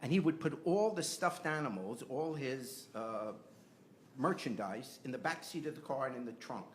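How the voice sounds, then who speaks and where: A man's voice: medium pitch, slight background noise. An older man, a podcast host, telling a personal family story and growing impassioned as he argues his point. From United States. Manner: earnest, rising to impassioned.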